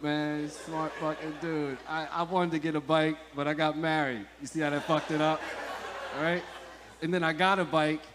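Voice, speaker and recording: A man doing stand-up crowd work, bantering with the audience in a loud, profane, joking way. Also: a little high, a little hiss or hum. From Montclair, New Jersey. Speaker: stand-up comedian. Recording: echoey live comedy venue.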